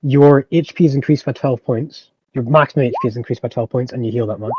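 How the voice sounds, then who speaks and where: A man running a tabletop game as game master, calmly sorting out rules and dice rolls. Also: medium pitch, fast talker, muffled recording, background noise. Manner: calm, clarifies rules and rolls.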